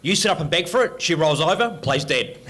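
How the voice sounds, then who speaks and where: A man's voice: a little high, lively intonation, a little fast, noisy background, voice pushed up, natural voice. A man voicing his cheeky uncle cracking a joke at a wedding.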